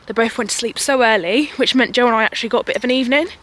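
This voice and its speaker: A woman's voice: a little high, racing, fairly bright tone. A young woman vlogging outdoors in a park, chatty and rambling, a little out of breath and laughing often. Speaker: vlogger and mother. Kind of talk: casual chatty vlog.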